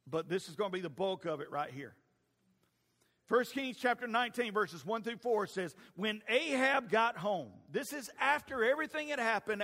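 A man preaching a sermon, folksy and animated, swinging between loud proclaiming and quiet asides. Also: sits high. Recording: long reverb of a hall.

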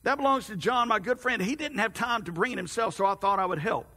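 A man's voice: high voice, fast, sharp tone, pitched above the performer's own voice, exaggerated voice. A preacher doing a stammering, burdened workman. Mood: explaining. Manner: hesitant, stammering. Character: weary burdened man hauling stones for God. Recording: long hall reverb.

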